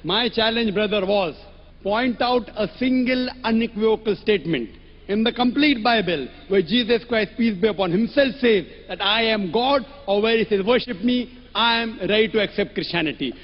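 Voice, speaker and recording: Firm high-voiced man lecturing in a hall. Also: normal speed. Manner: firm and pressing, keeps saying "brother". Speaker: lecturer answering questions. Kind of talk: public debate Q&A. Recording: echoey hall, dull lo-fi sound.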